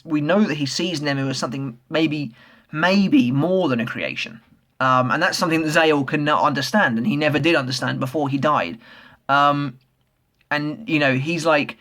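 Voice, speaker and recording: A man casually reviewing a comic chapter, excitable, swearing freely and filling pauses with lots of ums. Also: on the high side. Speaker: manga reviewer.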